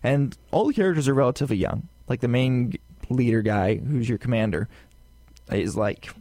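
A man co-hosting a casual gaming podcast, talking in a rambling, animated way with lots of fillers and asides. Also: mid-range voice, moderate pace, no echo. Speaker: podcast co-host.

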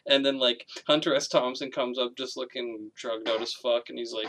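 A man's voice: mid-range voice, moderate pace, a bit bright. A man in casual conversation about a film, retelling scenes with laughs, swearing and acted-out quotes.

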